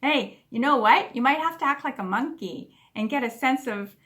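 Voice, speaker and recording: A woman speaking at a spiritual service, earnest and unhurried, leading the congregation in a laughter meditation. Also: sits high, expressive. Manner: slow and earnest, bursting into loud whoops and laughter. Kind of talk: sermon with guided laughter meditation. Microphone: online service recording.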